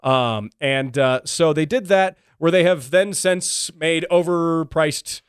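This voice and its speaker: A man's voice: on the high side, slow, clear, resonant tone, no echo, clean studio sound. A man hosting his own car radio show and podcast, talking casually and wryly with many ums and restarts. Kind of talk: casual solo podcast commentary.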